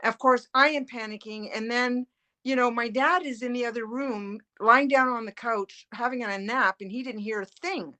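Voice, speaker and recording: A middle-aged woman, a family caregiver, telling her story as a guest in earnest, animated detail with many fillers. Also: on the high side, moderate pace. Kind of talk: emotional personal storytelling.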